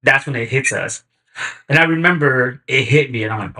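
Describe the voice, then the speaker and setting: A man guesting on a podcast, telling stories in a relaxed, slangy way. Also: medium pitch, normal speed. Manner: laid-back, slangy, acts out quotes in animated bursts. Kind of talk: casual chat, storytelling.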